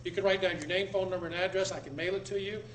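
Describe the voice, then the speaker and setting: This man speaks to a roomful of listeners at a racing pace with fairly even intonation, emphatic and repetitive, his volume rising and dropping. A faint hiss or hum sits under the recording.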